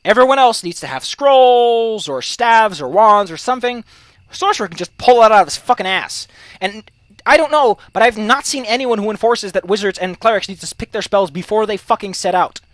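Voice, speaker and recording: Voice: medium pitch, fairly quick, no echo. A let's play commentator ranting heatedly about game rules, swearing often while reacting to a game. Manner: profane, heated, animated ranting.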